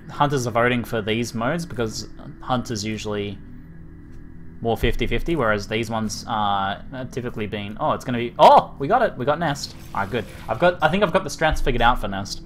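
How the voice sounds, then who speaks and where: Excitable Australian man commentating gameplay. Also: medium pitch, brisk, faint music behind. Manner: excitable, laughs often, swears. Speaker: streamer.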